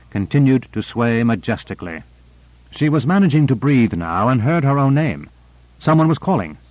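A man reads a novel aloud in a measured, even narrator's voice. The recording is dry and close, with a slightly dull, muffled tone. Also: mid-range voice, no echo. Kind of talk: audiobook narration.

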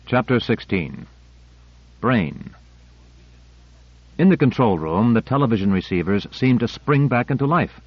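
An audiobook narrator, male, delivers scripted narration evenly and with measure. His mid-range voice is slightly rough, with no room sound in the dull, dry recording.

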